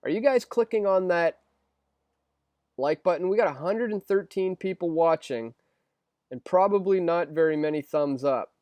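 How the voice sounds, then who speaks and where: A young man hosts a loose live stream, reading out viewer questions and answering in a rambling way, full of ums and restarts. His voice sits a bit high for a man. The sound is dry and close, with no room around it. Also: normal speed, a little mellow, no room sound. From Canada. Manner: rambling, filler-heavy, restarts often.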